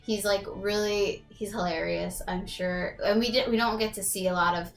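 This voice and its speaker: Woman, podcast co-host, casual and slangy, filler-heavy, middle pitch, faint background music. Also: moderate pace. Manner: relaxed and chatty, with slangy asides and frequent fillers.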